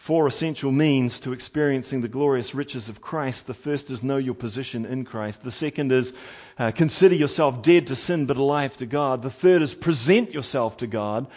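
A man preaching a sermon, animated and emphatic, moving between quiet asides and loud, lively passages. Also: mid-range voice, moderate pace. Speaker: pastor.

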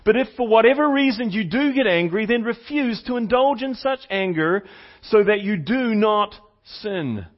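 High-voiced man preaching a sermon. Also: expressive, moderate pace. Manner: teaching, repeats key points for emphasis; asks the congregation questions. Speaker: pastor. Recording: slightly dull, lo-fi sound.

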